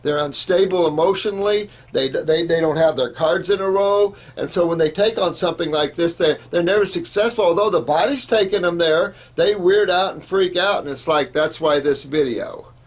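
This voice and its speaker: A man's voice: sits high, moderate pace, hardly any pauses. A man giving an informal health lecture, emphatic and repetitive, with frequent fillers. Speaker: health educator.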